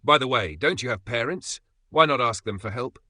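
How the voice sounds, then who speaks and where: A man's voice: lowish voice, sing-song, moderate pace, sharp tone, no room sound, studio quality, exaggerated voice. A man voicing a cunning parasitic spirit that lives inside its host, speaking in a cool, advising tone. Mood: scheming.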